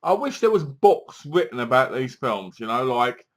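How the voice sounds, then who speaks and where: A man's voice: medium pitch, big pitch swings, moderate pace. Guy rambling through a movie review, exasperated, acts out the quotes. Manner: chatty, exasperated, retells scenes with quoted lines. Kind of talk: casual spoken film review.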